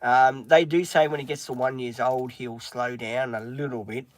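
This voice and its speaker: A man's voice: medium pitch, steady tone, moderate pace, no room sound. Man, middle-aged, rambling, filler-heavy, stops to talk to his dog, in a van, dry sound. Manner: rambling, with many filler ums. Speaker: live streamer. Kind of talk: casual live-stream chat. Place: inside a van.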